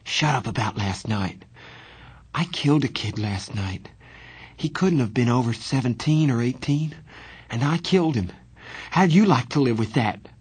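Male reader doing a scared teen runaway, husky and shaky, lower register. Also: moderate pace, darkish tone. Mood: distraught. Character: frightened teenage boy on the run, guilt-ridden.

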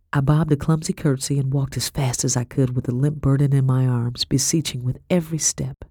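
Woman audiobook narrator, first-person historical fiction; steady, expressive, dry booth sound. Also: a bass voice, brisk, few pauses, husky, dry recording.

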